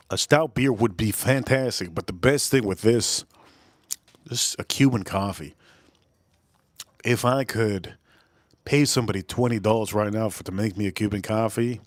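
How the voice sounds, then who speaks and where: A man's voice: on the low side, no room sound. Rambling man hosting a live whiskey tasting. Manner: rambling, repeats phrases, gives chat shout-outs. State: voice turning deeper, feeling a bit ill. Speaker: live-stream whiskey reviewer. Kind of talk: casual live-stream tasting review.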